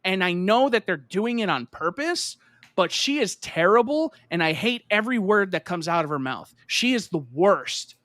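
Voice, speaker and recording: A man with a high, bright, fairly sharp voice chats casually on a gaming podcast. He rambles with plenty of filler words and curses, and turns heated and emphatic when something bothers him. The sound is close and dry. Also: sing-song, normal speed, dry recording. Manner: rambling, full of "like" and swearing. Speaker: podcast co-host.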